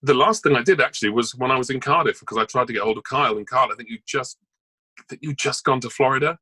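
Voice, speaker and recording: A man's voice: mid-range voice, fast, bright, forceful tone, slightly rough, dry recording, low-quality recording. A man, an actor and voice artist, chatting as an interview guest and rambling through his news with many asides. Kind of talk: casual interview chat.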